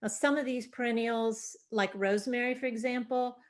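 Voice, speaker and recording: A woman's voice: fairly high pitch, steady tone, moderate pace. A woman presenting an online gardening workshop on a video call, explaining in a chatty, informal way with fillers. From Delaware, USA.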